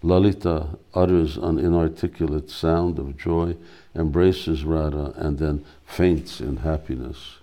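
A man reading a devotional drama aloud, slow and deliberate, with hesitant asides. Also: a bass voice, steady tone, mellow. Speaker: reader.

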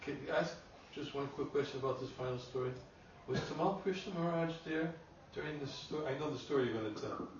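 A man's voice: on the high side, fast, slight background noise. A man in the audience asking short, eager questions. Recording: distant, very echoey, muffled room mic.

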